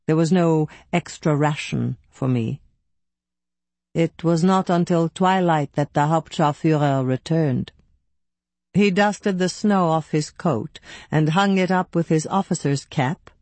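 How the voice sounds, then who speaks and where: A woman's voice: low-pitched, darkish tone, no echo. Dry, close woman narrating an audiobook. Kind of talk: first-person scripted narration.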